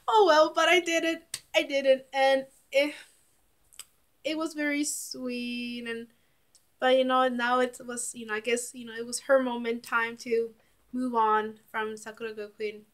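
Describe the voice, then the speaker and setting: A woman's voice: a little high, fairly even intonation, normal speed, fairly bright tone. A woman giving casual reaction commentary as a YouTuber, rambling with many fillers and fighting back tears.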